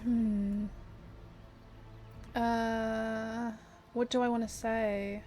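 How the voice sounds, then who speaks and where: A woman's voice: fairly high pitch, flat delivery, very slow, warm tone, faint music behind. Woman thinking aloud over a game. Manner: thinks aloud, sympathetic, hesitant. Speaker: gamer playing through a story game. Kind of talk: casual let's-play commentary.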